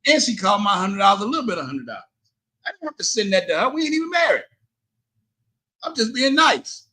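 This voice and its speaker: A middle-aged man telling a story on his livestream, animated and indignant, cursing and quoting both sides of an argument. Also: high-pitched, fast, pauses often. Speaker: livestream host.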